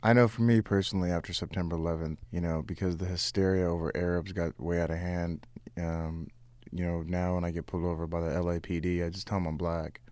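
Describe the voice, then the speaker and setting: Young male comic, deep low voice, dry close sound, animated anecdote delivery. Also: no room sound. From United States. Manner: animated, quick to laugh, restarts. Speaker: stand-up comic guest. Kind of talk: casual interview, telling jokes from his act.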